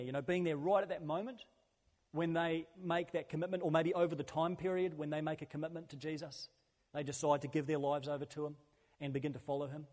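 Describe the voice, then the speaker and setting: A man's voice: fairly high pitch, a little mellow. Earnest male pastor in a reverberant hall. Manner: earnest, conversational preaching with repeated phrases. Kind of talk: sermon.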